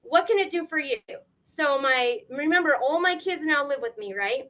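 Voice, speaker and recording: A middle-aged woman, a grandmother, telling her story as a guest on a live stream, animated and emotional, acting out what people said. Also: high-pitched, moderate pace. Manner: animated, tearful at times, quotes people in shifting voices.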